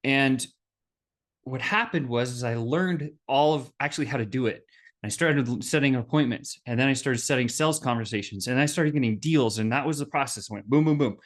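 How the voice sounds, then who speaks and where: A man hosting a business podcast, telling a personal story in a lively, animated way and acting out the voices of the people in it. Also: medium pitch, fairly quick. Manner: animated, acts out quoted voices. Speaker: podcast host.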